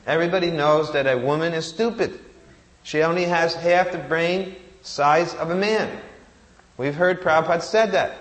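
A man's voice: fairly high pitch, normal speed. A man giving a sermon, reciting Sanskrit verses and asking rhetorical questions that he answers himself. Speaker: preacher.

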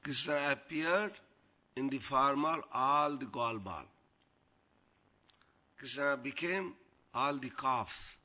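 A man giving a devotional storytelling talk as a spiritual teacher, animated and often laughing. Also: mid-range voice, slow pace, pauses often.

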